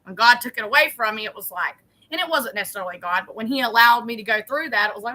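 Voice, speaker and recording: Woman, middle-aged, chatty planner vlogger, bright voice, a bit high. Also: animated, fast. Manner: chatty, rambling, homespun. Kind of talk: casual chat while decorating a planner.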